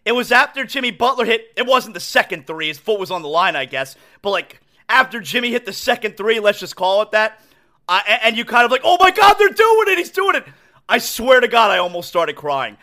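A man hosting a sports podcast solo, emotional and excited, often restarting his words. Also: high voice, fairly quick. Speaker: podcast host.

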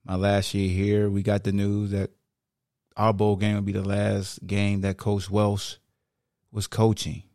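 A man's voice: on the low side, completely flat delivery, a little slow, dark tone, dry recording. A man hosting his own sports podcast in a laid-back, slangy casual chat on a studio mic. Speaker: podcast host. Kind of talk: casual solo podcast talk.

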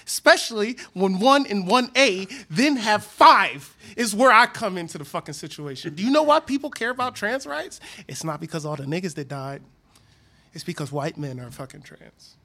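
A man's voice: high-pitched, sing-song, moderate pace, sharp tone. A man co-hosting a casual talk show, ranting with heavy profanity and raw passion. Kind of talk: heated casual chat.

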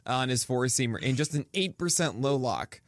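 In a clean, dry studio recording, a man with an animated mid-range voice co-hosts a casual fantasy baseball podcast as the pitcher analyst. He rattles off stats, cracks jokes, and laughs easily.

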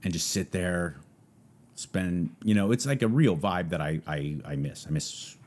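This Southern California podcast host speaks in a low, darkish voice at a measured pace. His solo talk is casual and meandering, loose and crowded with filler words.

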